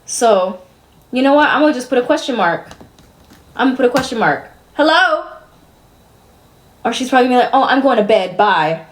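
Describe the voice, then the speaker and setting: A woman's voice: a little high, lively intonation, quick pace. A young woman streamer venting to her chat, exasperated and swearing as she rambles.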